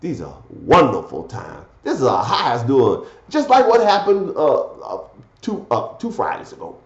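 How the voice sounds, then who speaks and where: A man preaching a fiery scripture sermon, swinging from loud declaiming to low muttered asides. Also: wildly swooping pitch, normal speed, vocal fry, reverberant, muffled recording.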